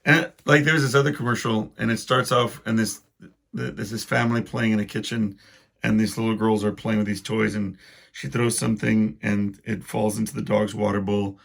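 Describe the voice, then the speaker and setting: A man's voice: lowish voice, level tone, moderate pace, creaky, a bit bright. A man hosting a solo podcast, rambling casually through wry, self-deprecating complaints. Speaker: podcast host.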